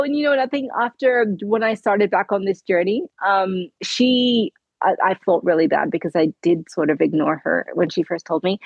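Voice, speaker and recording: A woman's voice: fairly low pitch, creaky, a little mellow, breathy edge, no room sound, low-quality recording. A middle-aged woman, a podcast guest telling her story earnestly in conversation and acting out the dialogue. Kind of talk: conversational interview.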